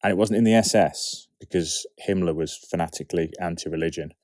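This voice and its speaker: A man of about forty talks through production notes in a casual, wry way, often asking himself questions and answering them. His voice sits very low. The sound is dry and close, with no room around it. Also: brisk, darkish tone, no room sound. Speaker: writer and producer of an audio drama series. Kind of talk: behind-the-scenes production commentary.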